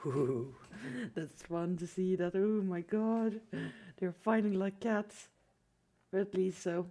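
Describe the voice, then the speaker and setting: A woman's voice: mid-range voice, fairly even intonation, takes it slowly, warm tone. A chatty woman from Sweden talks loosely to her livestream audience while she draws. She swears freely and laughs often, with a mid-range voice for a woman. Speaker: streamer. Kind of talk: casual livestream chat while drawing.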